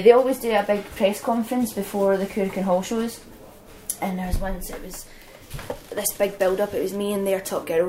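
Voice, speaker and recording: A young woman, a wrestler, telling lively stories as an interview guest and laughing often. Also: mid-range voice, background noise. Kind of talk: casual anecdotal storytelling.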